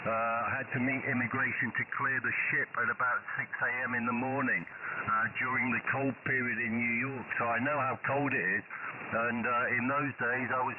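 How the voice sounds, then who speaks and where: British man on a radio link, polite and halting, phone-thin, heavy static. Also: medium pitch, steady tone. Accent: British English. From United Kingdom. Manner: hesitant, many uhs, polite and chatty. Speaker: ham radio operator. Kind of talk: casual radio contact. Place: home station in South Korea. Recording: tinny noisy shortwave radio signal.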